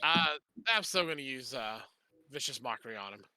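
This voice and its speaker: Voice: mid-range voice, expressive, moderate pace, sharp tone, dry recording. A player at a tabletop game, speaking hesitantly with many fillers.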